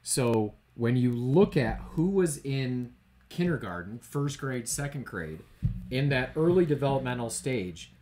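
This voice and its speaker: A man's voice: medium pitch, expressive, measured pace, dark tone. A man co-hosting a podcast, ranting emphatically in casual political chat. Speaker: podcast co-host.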